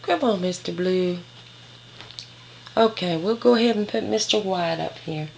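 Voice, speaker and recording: In a creaky, slightly mellow, fairly low voice, a woman unhurriedly narrates a home video of her puppies shot on a handheld camera. She's a breeder who coos baby talk at them and explains them, and a faint hiss or hum can be heard.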